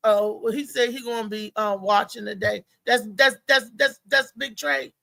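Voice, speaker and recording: A woman hosting a live show, telling a story in a chatty, animated way. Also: fairly high pitch, normal speed, vocal fry, no echo. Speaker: host. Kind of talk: casual live show chat.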